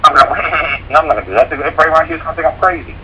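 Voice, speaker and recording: A man's voice: a little high, very fast, bright, forceful tone, a little hiss or hum, rough recording. A man talking as a guest on a radio show, blunt, folksy and profane, explaining things through homespun stories. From rural mountain area. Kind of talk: casual radio talk.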